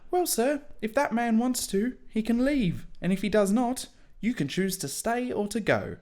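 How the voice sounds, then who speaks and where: A man voicing an anxious, bewildered teenage boy wizard in a strained, squeaky voice. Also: lively intonation, normal speed, a little mellow. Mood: pleading.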